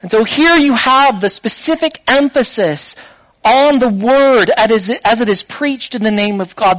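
A man's voice: very high-pitched, fairly bright tone, no echo, poor audio. A man preaching a sermon in a conversational way, putting rhetorical questions to his listeners.

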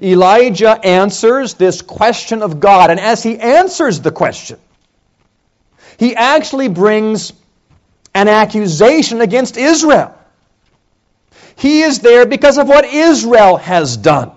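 Animated male preacher, lo-fi sound. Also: slow pace. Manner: swings from quiet low stretches to raised, emphatic lines. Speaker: pastor. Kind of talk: sermon.

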